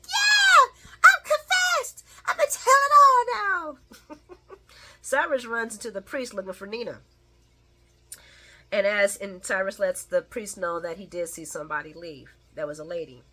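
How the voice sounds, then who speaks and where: A woman casually recapping a soap opera episode, chatty and animated, laughing often as she retells scenes. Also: mid-range voice.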